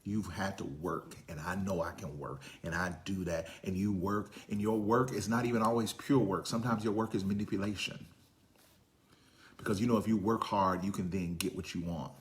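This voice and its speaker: Man, pastor preaching, lowish voice, hushed whispers then loud storytelling. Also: fairly even intonation, normal speed. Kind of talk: sermon.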